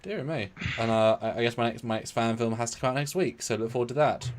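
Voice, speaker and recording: A man co-hosting a casual live stream, joking and chatting with a lively manner. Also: medium pitch, fast talker, background noise. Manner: animated, joking, self-deprecating. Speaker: co-host.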